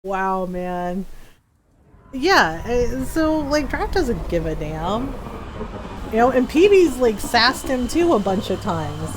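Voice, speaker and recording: A woman's voice: fairly high pitch, very animated, slow, background noise. A woman chatting casually while live-streaming a game, full of fillers and laughs.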